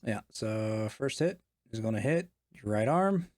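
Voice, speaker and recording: A man's voice: fairly low pitch, lively intonation, a little slow, darkish tone, no room sound, clean studio sound. A man as game master, casually narrating combat and explaining the rules.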